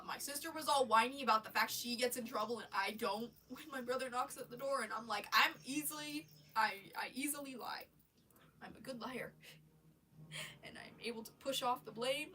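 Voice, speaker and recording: A woman's voice: fairly high pitch, fairly quick, sharp tone, far from the mic. A woman with a stuffy nose on a casual live stream, rambling about her day and swearing, with lots of restarts, sitting in her bedroom.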